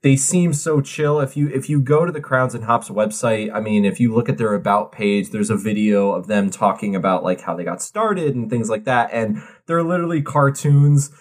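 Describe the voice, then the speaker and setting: A man's voice: mid-range voice, normal speed, few pauses. A man co-hosting a beer podcast in casual chat, rambling and laid-back, at times reading out a can label. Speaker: podcast co-host.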